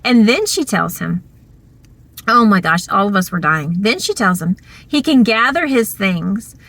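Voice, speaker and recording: A woman vlogger telling a story from her school days in a chatty, animated way, full of fillers. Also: mid-range voice, a little slow. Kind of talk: casual storytelling.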